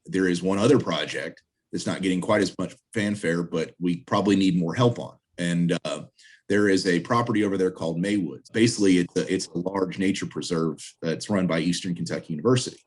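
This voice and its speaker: A man's voice: low-pitched, fairly quick, breathy edge. A man, president of a trail association, speaking earnestly and upbeat as a guest in a video-call interview, appealing for volunteers.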